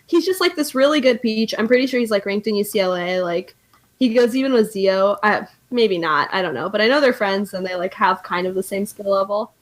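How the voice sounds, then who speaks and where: A woman's voice: mid-range voice, a little fast. A young woman guesting on a podcast, telling a story in casual chat with lots of fillers and laughter.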